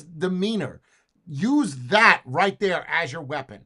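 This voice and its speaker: Man, lively swinging pitch, slightly high, slangy, emphatic reaction host. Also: takes it slowly, slightly rough. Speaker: show host reacting to a clip. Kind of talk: casual reaction commentary.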